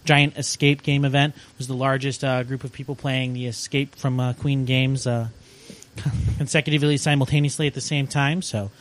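A man talking casually on a podcast as a visiting sales rep. His voice sits in an ordinary middle pitch. His delivery is relaxed and halting, with frequent uh pauses. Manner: relaxed, hesitant with many uh fillers.

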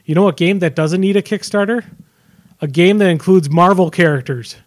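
A man's voice: high voice, brisk. A man co-hosting a podcast in casual chat, joking and complaining. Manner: joking, complaining, sings along. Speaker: podcast co-host.

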